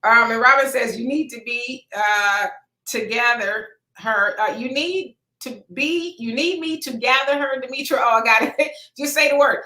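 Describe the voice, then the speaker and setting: A woman with a bright, high-set voice hosts a relaxed live chat. She reads comments aloud in a folksy manner and laughs easily. Her voice rings in an echoey room. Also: moderate pace. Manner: laid-back, folksy, laughs often. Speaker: host reading viewer comments. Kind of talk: casual live-stream chat.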